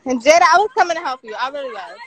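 A young woman with a very high voice that swings lively up and down teases her friends and laughs a lot. She is recorded on a nearby phone camera. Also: very fast, a little hiss or hum, low-quality recording. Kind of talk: casual excited chatter.

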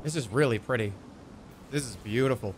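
A man streaming a game, joking around in goofy banter that swings from mumbling to yelling. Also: medium pitch, fairly quick, a little hiss or hum. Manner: playful, jumps from mumbling to yelling.

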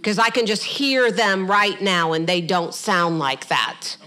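A middle-aged woman pastor preaching a sermon, animated, with humorous asides and quick acted-out quotes. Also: medium pitch. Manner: acts out quoted voices in passing.

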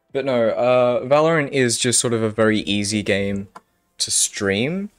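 A man's voice: medium pitch, no room sound. A male streamer chatting casually with his viewers, rambling and apologizing a lot. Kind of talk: casual live-stream chat.

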